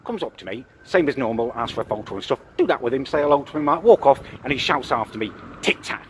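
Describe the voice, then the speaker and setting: A man's voice: mid-range voice, lively intonation, quick pace, slight background noise, lightly acted. A young British man playing a petty, self-pitying vlogger who rants in a whiny, aggrieved way, always tagging on "right?". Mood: ranting. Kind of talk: ranting comedy character vlog.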